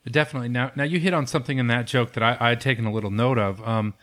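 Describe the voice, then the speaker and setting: A man's voice: mid-range voice, fairly even intonation, racing, a bit bright. A man hosting a casual conversation, who talks in a self-deprecating, rambling way with many fillers.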